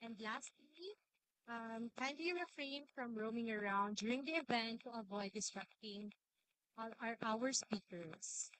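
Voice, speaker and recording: A woman's voice: fairly high pitch, unhurried, a bit bright. A woman hosting an event in a hall, giving announcements with some hesitation. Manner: hesitant, with fillers and repeats. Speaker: event host.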